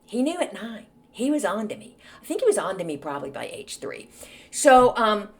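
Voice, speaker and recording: A woman in her forties hosting a podcast, telling a story in a snarky, animated way. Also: mid-range voice, normal speed. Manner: snarky, animated, acts out quoted voices. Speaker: podcast host. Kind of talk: casual storytelling monologue.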